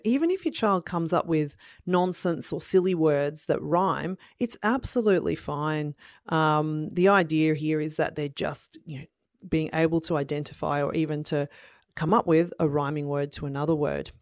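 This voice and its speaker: A woman's voice: sits low, a little mellow, no echo, studio quality. A woman, explaining to parents how to build early reading skills in a friendly, encouraging way, acting out children's replies. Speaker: parenting educator. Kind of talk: instructional talk to parents.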